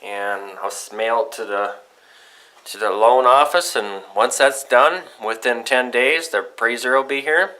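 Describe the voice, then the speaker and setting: A young man vlogging casually, telling a rambling, profane story about his day with excitable outbursts. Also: mid-range voice, unhurried, low-quality recording.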